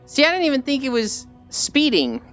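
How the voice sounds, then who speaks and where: A young adult streamer chatting casually with viewers, telling animated stories and swearing freely. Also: high-pitched, normal speed. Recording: slightly dull stream audio with faint music.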